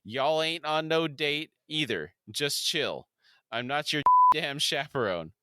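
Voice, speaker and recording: A man quoting a gruff, fed-up man scolding his passengers, in a bright voice. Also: on the high side, lively intonation, takes it slowly, no echo, studio quality, heavily acted. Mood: annoyed.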